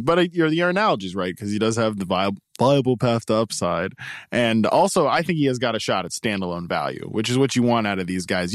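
A man's voice: medium pitch, no echo. Man talking fantasy football, dry close sound. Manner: animated, slips into goofy put-on voices. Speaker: fantasy football podcast co-host. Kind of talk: casual podcast banter.

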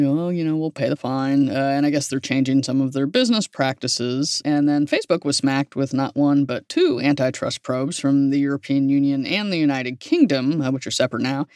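A man's voice: on the high side, expressive, fairly quick, darkish tone, dry recording. Dry-voiced man recapping tech news. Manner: wry, rambling news rundown with fillers. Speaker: podcast co-host. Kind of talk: casual tech news chat.

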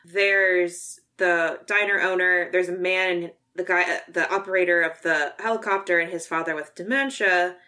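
Animated low-voiced woman co-host. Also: moderate pace, few pauses. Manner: animated, swears freely, acts out lines from scenes. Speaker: podcast co-host. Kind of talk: casual chat about a horror film.

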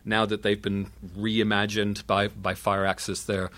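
A man's voice: lowish voice, level tone, unhurried, fairly bright tone. A man from the United Kingdom with a transatlantic accent, a guest in a casual interview, speaking thoughtfully and often restarting his phrases.

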